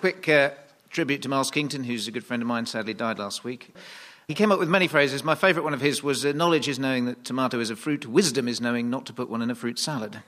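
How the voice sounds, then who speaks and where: A man from southwest England on a radio comedy panel, speaking in a wry, low-key way. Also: fast. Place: radio studio with live audience. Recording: loud hiss and audience noise.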